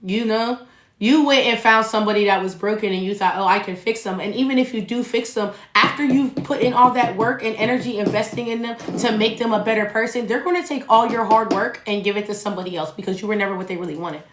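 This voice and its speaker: A young woman hosting her own podcast, talking straight to listeners in a blunt, animated way and swearing freely. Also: a little high, fast talker. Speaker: podcast host. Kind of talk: casual solo podcast monologue. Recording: echoey room.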